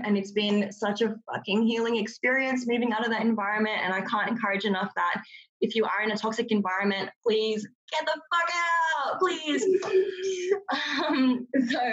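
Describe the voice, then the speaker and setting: A woman co-host speaks candidly in casual chat and does not hold back on swearing. Her voice is mid-pitched. It comes through a muffled, lo-fi recording. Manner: candid and blunt, swears freely. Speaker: podcast co-host. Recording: dull, lo-fi sound.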